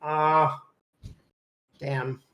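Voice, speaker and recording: A man playing a tabletop game, easygoing and casual as he counts out his moves. His voice is slightly high, with a roomy echo. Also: flat delivery, very slow, highs cut off. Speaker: player.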